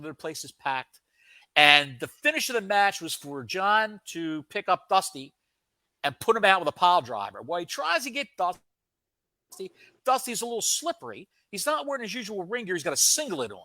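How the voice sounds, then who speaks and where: Podcast co-host, male; lively, comic storyteller with a high, bright voice. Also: no echo. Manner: animated, comic storytelling with dramatic pauses. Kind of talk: casual storytelling.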